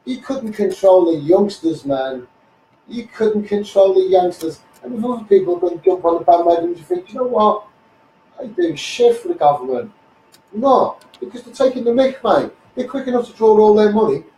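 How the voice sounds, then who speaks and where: A man's voice: high-pitched, moderate pace, dark tone, reverberant, far from the mic, a little hiss or hum, rough recording. A man with a Scouse accent ranting bluntly on a live stream, often asking "you know what I mean". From Liverpool, England.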